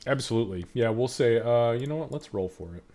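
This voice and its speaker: A man's voice: medium pitch, expressive, fast talker, dark tone. A man running a tabletop game as game master, narrating casually with many fillers.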